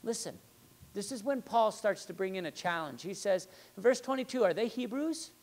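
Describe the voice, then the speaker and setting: A man preaching a sermon as pastor, in a conversational way with rhetorical questions, moving between loud emphasis and quiet asides. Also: high voice, lively intonation, moderate pace.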